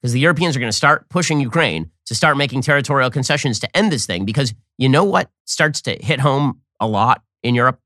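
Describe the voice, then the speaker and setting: A man hosting a political commentary show, talking in a fast, mocking, sarcastic way. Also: dry recording, clean studio sound. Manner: mocking, rapid-fire, animated pitch swings.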